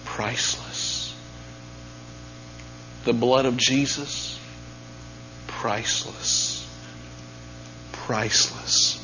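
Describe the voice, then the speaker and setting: A man preaching a sermon, dropping to near-whispers and then rising to loud, emphatic peaks. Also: mid-range voice, steady tone, drawn-out words, long pauses. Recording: dull lo-fi sound with faint mains hum.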